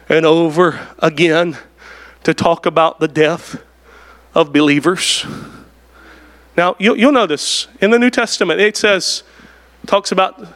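Male preacher, bright and ringing, impassioned sermon delivery with shouted peaks. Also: sits high. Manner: impassioned, rising to shouts for emphasis; starts many phrases with "Oh". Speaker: pastor.

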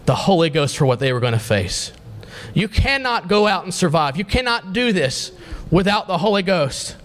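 A man with a high-pitched voice preaches a sermon. He reads scripture aloud and keeps asking the congregation questions.

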